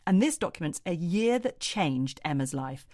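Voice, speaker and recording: Lively, laughing woman podcast co-host. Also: fairly low pitch, moderate pace, dry recording, studio quality. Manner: bubbly, jokey, laughs often. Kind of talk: casual chat and introducing a guest.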